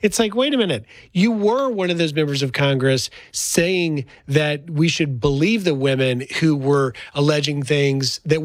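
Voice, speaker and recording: A man co-hosting a casual political chat, a former TV reporter who explains things in a measured way and speeds up in his asides. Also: on the high side, no room sound.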